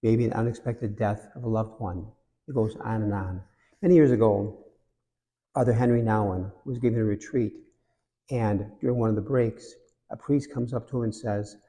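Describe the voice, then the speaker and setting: A man's voice: fairly low pitch, moderate pace, mellow, big-room sound. A man, a priest and cathedral rector, giving a conversational homily and telling jokes between reflections. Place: large cathedral.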